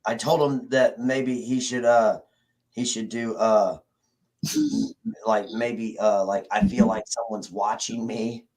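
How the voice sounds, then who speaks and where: A man's voice: fairly low pitch, fairly even intonation, takes it slowly, darkish tone. A man hosting a casual livestream, rambling and swearing as he greets viewers in the chat. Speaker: livestream host.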